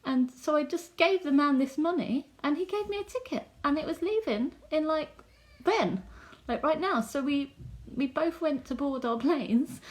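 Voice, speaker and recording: A woman's voice: high-pitched, normal speed. A woman giving a personal faith testimony in an earnest, chatty storytelling way, full of likes and ums. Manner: earnest, heartfelt. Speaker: testimony speaker.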